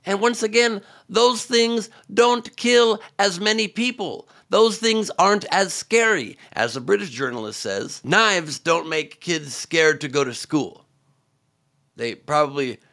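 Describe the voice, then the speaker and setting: A man hosting scripted comedic political commentary, sarcastic and mocking, with sudden loud outbursts. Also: mid-range voice, creaky.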